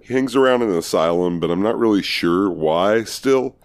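A man with a strikingly low, deep voice talks casually on a podcast. He is loose, jokey and swears freely. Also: lively intonation, moderate pace. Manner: joking, loose and profane. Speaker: podcast co-host. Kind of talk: casual chat.

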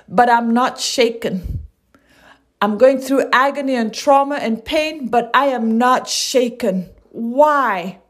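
A woman preaches a devotional sermon in a slightly high voice, taking her time. She's earnest, reading scripture aloud, repeating lines, and asking rhetorical questions.

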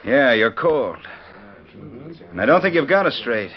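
Casting: a quarrelsome young cowhand, surly, dull vintage sound. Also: male voice, medium pitch, very animated, a little slow. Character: hotheaded young male cowboy card player. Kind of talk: 1940s radio acting. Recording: dull old radio recording.

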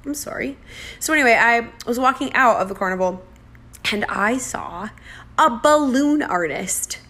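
A woman's voice: on the high side, expressive, a little slow, bright, forceful tone. A woman from the United States casually telling a chatty, self-deprecating travel story and acting out the dialogue.

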